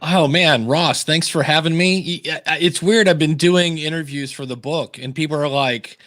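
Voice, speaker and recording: A man who is a podcaster and author, a guest on a livestream interview over a video call. His voice sits somewhat high for a man, and the sound is dry and close. He tells stories in a self-deprecating way and acts out what people said. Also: normal speed, no echo. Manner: self-deprecating, animated storyteller acting out quotes. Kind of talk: casual interview chat.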